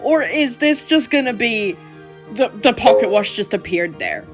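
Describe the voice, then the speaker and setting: A woman's voice: fairly high pitch, expressive, moderate pace, loud music behind the voice. A young woman reacting with exasperated emotion to a story game, laughing often. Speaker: game streamer.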